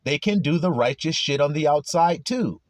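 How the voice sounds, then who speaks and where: A man's voice: fairly high pitch, animated, moderate pace, no room sound. A man preaching a casual, blunt sermon full of profanity, teasing, and rhetorical questions.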